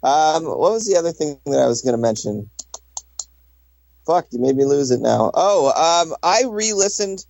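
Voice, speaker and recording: A man co-hosting a podcast, rambling and joking with casual swearing. His voice sits a little high for a man. The recording is dry. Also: very animated, normal speed, vocal fry, darkish tone, no room sound. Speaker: podcast co-host. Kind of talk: casual chat.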